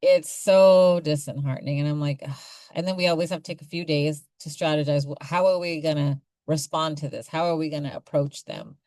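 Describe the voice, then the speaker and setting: Passionate low-voiced woman panelist. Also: brisk, dry recording. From Chumash community, California. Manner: passionate, emotional, animated quoting. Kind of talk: panel discussion.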